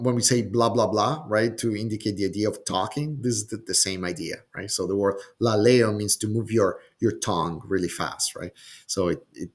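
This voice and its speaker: A man teaching a Bible passage word by word, speaking slowly and deliberately, often pausing with "um" and checking in with "okay?". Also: lowish voice. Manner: slow and deliberate, frequent "okay?" and "um", repeats words while thinking. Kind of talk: slow explanatory lesson.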